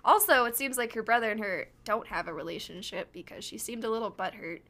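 A woman chatting on a book podcast, recapping the story in a playful way and acting out bits of dialogue. Her voice is bright and a little sharp. It sits somewhat high. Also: fast, creaky. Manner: playful, acts out quoted dialogue. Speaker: podcast co-host. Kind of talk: casual book-club chat.

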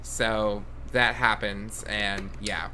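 A man's voice: fairly low pitch, flat delivery, very slow, pushed and bright, slight background noise. A man hosting a podcast in casual chat, playful and teasing, swearing freely, talking from a small room at home over a video call. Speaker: podcast host.

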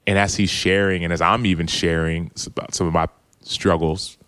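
A man's voice: deep voice, level tone, brisk, fairly bright tone, clean tone, no echo. A man in his thirties, a podcast guest and former football player, earnestly telling a personal story with many restarts. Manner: earnest, open, retelling quotes with frequent restarts. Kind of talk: reflective storytelling.

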